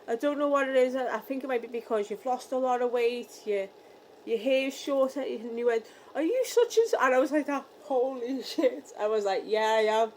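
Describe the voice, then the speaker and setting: A young British woman from the UK telling a story in a casual vlog, acting out the dialogue with lively energy. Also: a little high, brisk, slight background noise, low-quality recording. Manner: animated, re-enacting dialogue. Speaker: vlogger.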